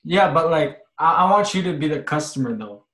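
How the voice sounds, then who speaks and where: Nervous male trainee on a call; stammers, slightly high, echoey room. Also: lively intonation, brisk, fairly bright tone. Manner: hesitant, stammers and restarts. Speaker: sales trainee.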